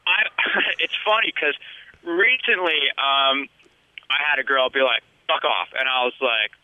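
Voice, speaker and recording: A man talking casually as a dating coach, blunt and profane, with a quick laugh. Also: mid-range voice, no echo. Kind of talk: casual chat. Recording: dull lo-fi sound.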